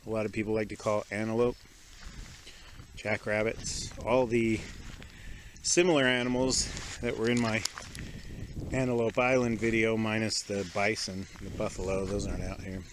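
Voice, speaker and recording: A man casually narrating an outdoor vlog from a stormy campsite, explaining each step with small asides in a relaxed, chatty way. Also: lowish voice, moderate pace, long pauses, background noise. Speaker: outdoor vlogger.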